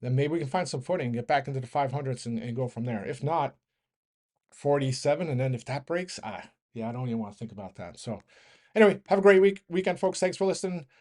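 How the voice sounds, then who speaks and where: A man's voice: mid-range voice, lively intonation, a little mellow. A man hosting a stock market show, delivering a casual, rambling rant, often correcting himself and laughing. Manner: rambling, self-correcting, fast train of thought.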